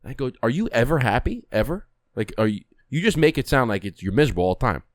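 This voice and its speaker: A man's voice: mid-range voice, sing-song, fast, no echo, studio quality. A young man co-hosting a podcast, ranting bluntly with swearing in casual chat. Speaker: podcast co-host.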